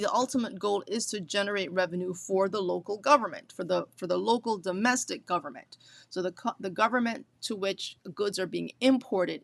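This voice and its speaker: A woman's voice: medium pitch, creaky, dry recording. A woman hosting an educational business talk, explaining things step by step and stressing key points by repeating them, with light chatty asides.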